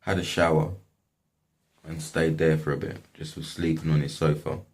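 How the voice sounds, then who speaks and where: A man's voice: very deep voice, flat delivery, normal speed. A young man casually telling a story from his life, slangy and swearing often. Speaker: vlogger.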